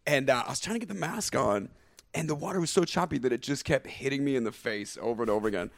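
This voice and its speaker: A man's voice: mid-range voice, lively intonation, fast, vocal fry, no room sound. A young man in casual chat, telling stories with frequent laughs. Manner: laughing storyteller.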